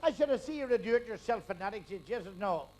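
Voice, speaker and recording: An older man telling stand-up jokes on stage, firing punchlines fast and dropping quietly into the characters' lines. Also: sits high, lively intonation. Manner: rapid punchline delivery, drops to quiet asides for quotes. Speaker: stand-up comedian. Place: live stage before a laughing audience. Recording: live crowd, faint hiss.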